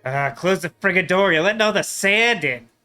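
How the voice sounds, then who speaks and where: A man voicing a rude, grumpy male motel manager from a pixel-art adventure game, with gruff, slangy, sarcastic talk. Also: sits high, animated, normal speed, bright, forceful tone. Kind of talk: let's play voicing of game text.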